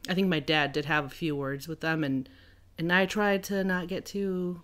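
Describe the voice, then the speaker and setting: A woman co-hosting a podcast, chatting casually and filling her talk with "like.". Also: sits low. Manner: chatty, lots of "like" fillers, quick to laugh. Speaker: podcast co-host. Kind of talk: casual chat.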